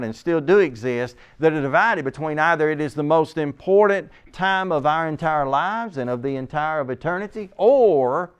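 A man preaching a sermon, reading scripture aloud and slowing down to stress its key phrases. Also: fairly high pitch, clean tone. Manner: reads scripture aloud, then explains it.

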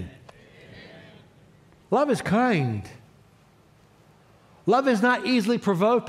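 A man preaching a sermon as pastor, leading his congregation in call-and-response. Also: high voice. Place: church sanctuary.

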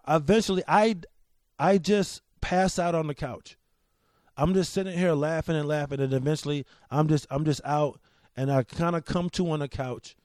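Male podcast host, slightly high voice, dry close mic, profane storyteller who keeps restarting his sentences. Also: no room sound. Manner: animated, profane, laughing, with many restarts. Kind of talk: casual storytelling monologue.

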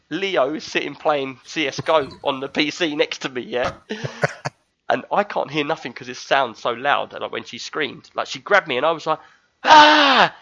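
Guy telling wild stories on a chat show, bright tense voice, kinda muffled lo-fi sound. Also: on the high side. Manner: animated storyteller, acts out screams. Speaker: show regular. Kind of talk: casual chat.

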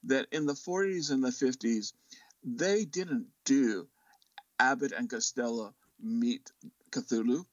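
A man co-hosting a podcast in casual chat, speaking slowly and deliberately with dry jokes. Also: mid-range voice, no room sound, dull audio. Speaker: podcast co-host.

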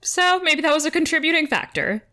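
A woman's voice: high-pitched, expressive, a little fast, sharp tone. A woman co-hosting a podcast, chatting casually and laughing often as she recaps a TV episode. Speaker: podcast co-host.

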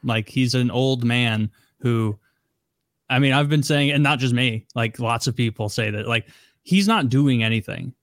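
A man speaks at a middle pitch in a casual podcast chat. He is blunt and opinionated, saying what he thinks without softening it. The sound is dry and close. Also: no room sound.

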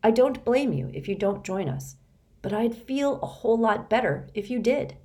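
A woman's voice: fairly high pitch, very animated, moderate pace, mellow, voice pushed up. A woman voicing a sincere, friendly young boy. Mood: earnest.

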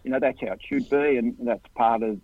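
An Australian man appears as an interview guest, telling casual anecdotes in an animated, brisk way and raising his voice into higher impressions of the people in his stories. The recording sounds like a tinny phone line, dry and husky with no echo.

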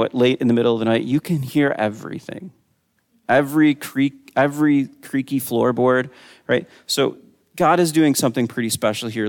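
A man's voice: medium pitch, creaky, darkish tone, in a large hall. A man preaching a sermon, teaching in a conversational way and reading scripture aloud with a lifted voice.

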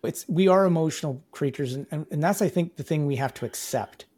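A man's voice: fairly high pitch, a little fast, a little mellow, slightly rough. A man from Canada, a guest in a casual interview, who talks emphatically and laughs while making his points.

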